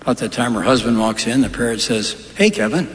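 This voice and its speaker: A man's voice: medium pitch, level tone, fast talker, noisy background. A man doing stand-up comedy in a large hall, delivering dry one-liners and long joke stories. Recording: live stage recording in echoey hall.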